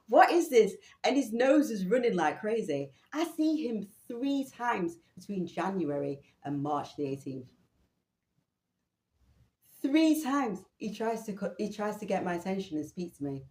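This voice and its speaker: A woman telling a personal story in an animated, incredulous way, often laughing. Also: medium pitch. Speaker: vlogger. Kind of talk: storytelling monologue. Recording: roomy echo.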